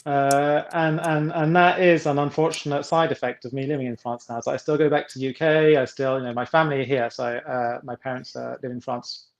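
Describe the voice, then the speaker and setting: A man's voice: mid-range voice, steady tone, fairly quick, hardly any pauses. A middle-aged man from England, a guest author speaking casually in a rambling way, with many restarts and fillers. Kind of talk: casual interview chat.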